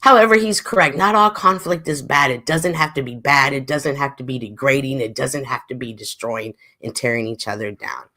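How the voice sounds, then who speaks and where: A woman hosting a casual livestream, reading chat comments aloud, a little stuffy, with a lively way of talking that swings from loud exclaims to murmurs. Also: a bass voice, a little fast, few pauses. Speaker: livestream host.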